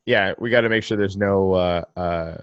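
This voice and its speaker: A man hosting a casual online chat, laid-back and quick to laugh, with stumbling restarts. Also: deep voice, clean tone, no room sound, lo-fi sound.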